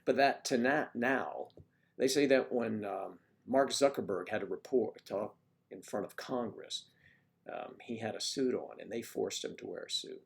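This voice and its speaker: This casual livestreamer has a lowish, creaky voice and talks at normal speed. He meanders through the chat, replying to viewers by name.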